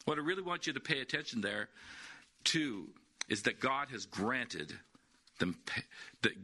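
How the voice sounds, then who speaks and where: A man's voice: on the high side, pushed and bright. A man preaching a sermon, emphatic, repeating key words and asking rhetorical questions.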